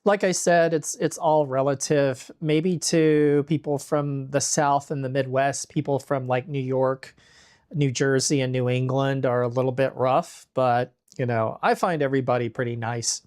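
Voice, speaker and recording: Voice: medium pitch, fairly even intonation, a little slow, a little mellow. A vtuber streamer chatting casually while reacting to clips, adding asides.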